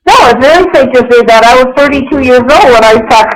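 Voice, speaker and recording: A woman's voice: sits high, fast, low-quality recording. A woman in her sixties from the US East Coast, a guest in an interview who talks at length in a rambling, emphatic way and repeats herself. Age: 60s. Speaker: guest UFO researcher. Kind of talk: interview conversation.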